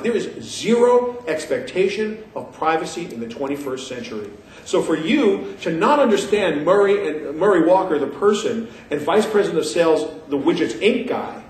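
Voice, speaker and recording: A man's voice: fairly high pitch, very animated, normal speed. Emphatic man lecturing in an echoey hall. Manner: emphatic, sarcastic, repeats points for effect. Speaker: conference speaker. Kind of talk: animated lecture to an audience. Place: conference hall. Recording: echoey room picked up from a distance.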